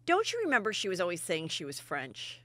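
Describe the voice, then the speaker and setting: A woman hosting a comedy podcast, chatting in a gossipy, animated way and telling stories with loud impressions. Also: lowish voice, a little fast, dry recording. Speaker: podcast host. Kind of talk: casual comedic chat.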